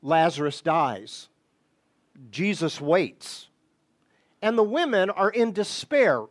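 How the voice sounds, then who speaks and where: A man with a notably high voice walks listeners through a Bible passage. He takes his time, speaking in a measured, deliberate way, then leans hard into key words. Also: animated. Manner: deliberate, with bursts of emphasis. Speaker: Bible teacher.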